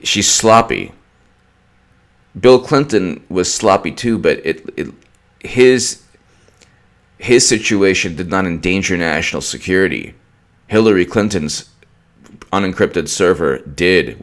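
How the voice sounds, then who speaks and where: A man's voice: deep voice, moderate pace. A man giving opinionated political commentary in a ranting, mocking way, with many restarts.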